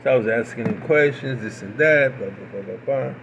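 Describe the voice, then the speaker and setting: A man from Puerto Rico telling a story in an animated way, repeating phrases for emphasis. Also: medium pitch, fairly quick, gravelly, slight background noise. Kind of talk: casual storytelling.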